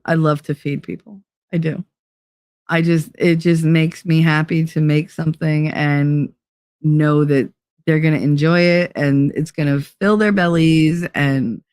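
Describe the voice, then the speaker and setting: A woman's voice: deep voice, no echo, clean studio sound. A middle-aged woman hosting a casual livestream, telling stories with lots of energy, swearing freely and laughing often as she answers chat. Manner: animated storytelling, frequent swearing and laughter. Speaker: livestream host reading chat.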